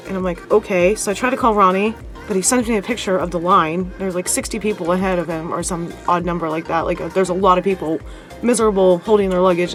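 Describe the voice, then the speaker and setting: A young adult woman vlogger chatting casually as she retells a stressful story, with lots of fillers. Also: lowish voice.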